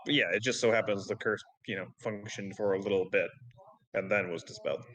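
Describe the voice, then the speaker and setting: A man's voice: lowish voice, fairly even intonation, a little fast, fairly bright tone, rough recording. A man playing a tabletop role-playing game who banters in character, blunt and sardonic, lecturing the others. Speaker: player.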